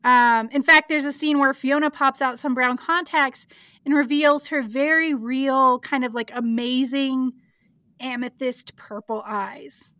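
A woman's voice: high voice, steady tone, unhurried, bright, forceful tone, no echo. A woman co-hosting a podcast, chatting casually through an episode recap with plenty of likes, ums and giggles. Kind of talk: casual chat.

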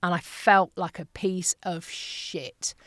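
Expressive woman in her late forties, podcast guest, dry studio sound. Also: on the low side, slow, dry recording. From from abroad, living in the USA. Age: late 40s. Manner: animated storyteller, acts out quotes, swears freely. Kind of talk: casual conversation.

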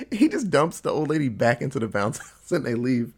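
A man casually recapping a TV episode with a co-host, telling it in an animated way and popping into quick voices for the characters. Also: medium pitch, breathy edge. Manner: animated storytelling with quick voice switches for quoted characters. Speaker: podcast co-host.

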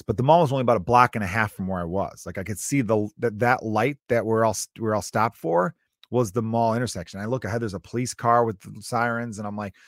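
A man's voice: on the low side, fast, dry recording, clean studio sound. A man in his thirties and a father of two, talking casually and comically, acting out scenes with his kids and swearing freely. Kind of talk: casual comedic monologue.

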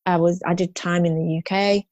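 A woman's voice: on the low side, fairly even intonation, fairly quick, darkish tone, dry recording. A woman in her fifties, a guest in an interview, telling her story frankly and ramblingly, with restarts and rueful laughs.

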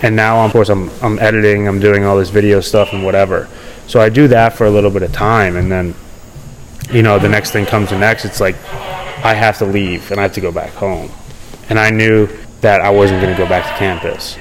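Young male podcast guest, casual, restless restarts, slightly low voice, light background noise. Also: steady tone, a little fast. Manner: rambling, many fillers and restarts. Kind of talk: casual storytelling interview.

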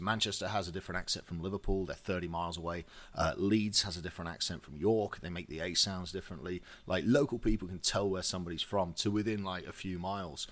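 Male podcast host, low voice, quick talker, laughs a lot, casual chat. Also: fairly bright tone. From Yorkshire, England. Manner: talks fast, laughs often.

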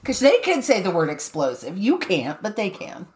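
A woman's voice: mid-range voice, moderate pace, slight background noise. A woman in casual chat, telling stories with lots of laughter and acted-out quotes. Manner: animated storyteller, acts out quoted people, laughs often.

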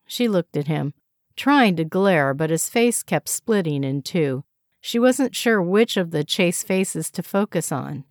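A woman narrating a novel aloud in a measured, even way. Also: lowish voice, dry recording, studio quality. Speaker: audiobook narrator. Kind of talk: scripted narration.

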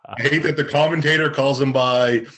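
A man's voice: medium pitch, fairly even intonation, normal speed, a crowd in the background. A man from Canada in a casual sports chat, giving blunt opinions and filling his talk with "like".

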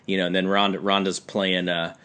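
A man's voice: deep voice, little pitch movement, brisk, fairly bright tone, clear, resonant tone. A man co-hosting a casual wrestling podcast, speaking hesitantly with many stammered restarts. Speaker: podcast co-host.

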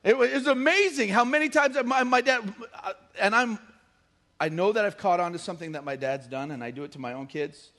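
A man's voice: high voice, a little fast, bright, forceful tone. A middle-aged male pastor preaching a casual, joking sermon and acting out quotes from the story.

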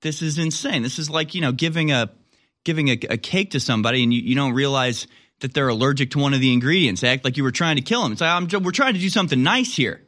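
A man's voice: medium pitch, fairly even intonation, quick pace, a bit bright. A man hosting a political commentary show, talking in a sarcastic, incredulous way with frequent laughs.

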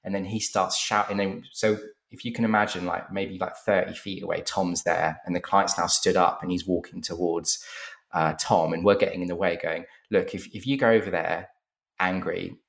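A deep-voiced man with a gravelly edge tells a lively story from his advertising work, slipping into the voices of the people in it. The sound is echoey, as if recorded in a bare room. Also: moderate pace. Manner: animated storyteller who acts out other people's lines. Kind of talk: casual podcast anecdote.

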